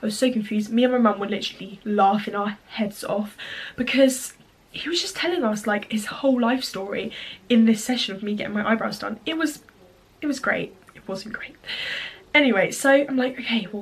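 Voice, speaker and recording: A woman's voice: on the high side, normal speed, breathy edge. A young woman with a cold, telling a story to the camera in a casual vlog with lots of chatty fillers. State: has a cold. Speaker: vlogger.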